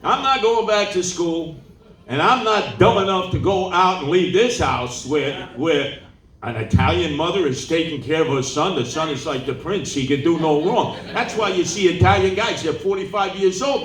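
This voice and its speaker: A man, telling animated stories at a campaign town hall and acting out the people in them. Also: sits high, moderate pace, distant mic, slight background noise. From New York City. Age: 70s. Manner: animated storyteller who acts out quoted people. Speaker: political candidate at a town hall. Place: large indoor meeting room. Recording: roomy hall, voice off-mic.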